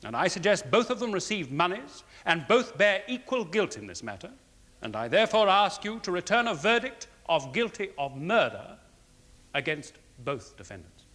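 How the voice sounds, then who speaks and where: A formal prosecuting barrister. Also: male voice, high-pitched, very animated, moderate pace, fairly bright tone, long reverb tail. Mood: persuasive. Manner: formal, rhetorical, emphatic. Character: measured male barrister giving closing speech. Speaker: prosecuting counsel. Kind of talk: 1970s television courtroom drama.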